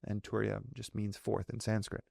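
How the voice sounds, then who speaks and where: A man's voice: on the low side, monotone, moderate pace, creaky, dark tone, dry recording, clean studio sound. A man hosting a solo podcast, explaining ideas in a thoughtful way and often correcting himself mid-sentence. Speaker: podcast host. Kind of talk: solo reflective podcast talk.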